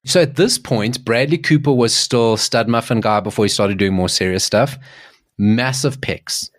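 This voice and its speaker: A man's voice: mid-range voice, normal speed. A man from South Africa co-hosting a casual chat show, telling stories with lots of restarts and asides. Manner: animated, rambling storytelling with restarts. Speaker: podcast co-host.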